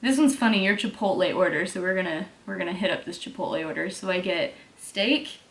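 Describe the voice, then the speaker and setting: A woman's voice: mid-range voice, normal speed, a bit bright, echoey room. A young woman from Texas with a mild Texas accent, chatting casually as she answers viewer questions, with lots of "like" fillers. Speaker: fitness vlogger. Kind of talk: casual Q&A vlog.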